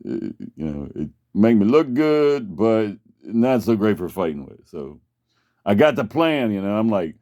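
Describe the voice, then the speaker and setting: A man's voice: on the low side, big pitch swings, unhurried, dark tone. A man casually telling a long personal story, rambling and profane, with many restarts. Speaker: vlogger.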